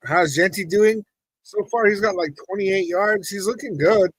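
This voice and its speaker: This podcast host's high-sitting, slightly rough voice moves at normal speed through a live football watch party. He gets frustrated reacting to the plays and talks to his chat, on a low-quality recording with no room sound.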